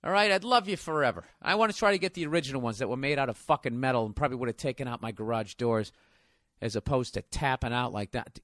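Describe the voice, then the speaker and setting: A man's voice: medium pitch, quick pace, fairly bright tone, no echo. Profane rambling man in his forties. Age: 40s. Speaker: podcast host. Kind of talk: casual monologue.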